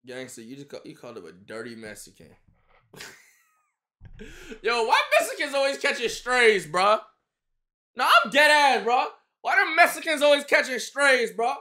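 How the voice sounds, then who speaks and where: A man's voice: extremely high pitch, sing-song, normal speed, long pauses, bright, forceful tone. A man chatting casually on a stream, joking and teasing his friend in slang.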